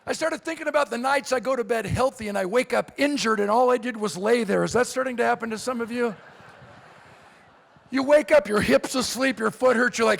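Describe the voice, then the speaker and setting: Animated man with a gravelly high voice. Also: fairly quick. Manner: animated, acts out characters in quoted voices. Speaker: motivational speaker. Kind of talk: keynote speech with comic storytelling. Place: convention hall.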